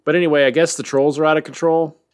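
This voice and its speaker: A man's voice: on the high side, little pitch movement, fast. A man co-hosting a podcast, casually recapping a comic with jokes and rambling asides. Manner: joking, rambling. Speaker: podcast co-host.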